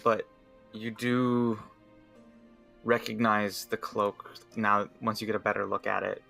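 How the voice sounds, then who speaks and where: A man runs a tabletop game, narrating in a relaxed, hesitant way. His voice is fairly low and gravelly but bright. Faint music plays behind him. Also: unhurried. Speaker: game master.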